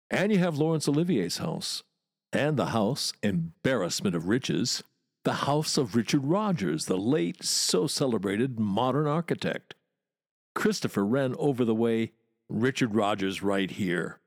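This history podcast is hosted by a walking tour guide whose voice is lowish and gravelly. The studio recording is clean with no echo, and he tells his stories in a wry, conversational way, full of playful asides.

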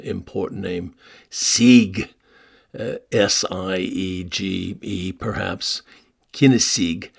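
A man who guides walking tours, giving a short evening talk, speaking haltingly with many uhs and restarts and spelling words out. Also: on the low side, creaky. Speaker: London walking tour guide. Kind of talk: short nightly talk on place names.

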